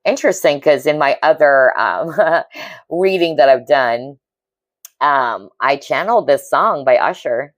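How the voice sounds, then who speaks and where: Woman, low-pitched, earnest empathic tarot reader, dry close recording. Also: animated, measured pace, dry recording. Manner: earnest, intuitive, frequent "okay?" check-ins; emotionally moved, empathic. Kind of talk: pick-a-card tarot reading.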